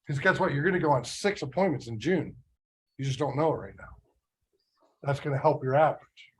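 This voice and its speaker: A middle-aged man leads a motivational business training session for sales agents. He talks casually and keeps checking in with "right?" and other rhetorical questions. His pitch sits right in the everyday male middle. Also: brisk, a little hiss or hum. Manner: conversational, full of rhetorical questions. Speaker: real estate sales trainer.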